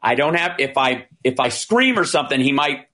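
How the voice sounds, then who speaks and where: A man talking things through in a loose, conversational way, circling back and restarting his sentences. His pitch sits in the usual middle range for a man. He slips into quoted lines as he retells what happened. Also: a little fast. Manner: animated retelling, acting out quoted dialogue; frequent restarts and fillers. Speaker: commentator. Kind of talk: casual discussion.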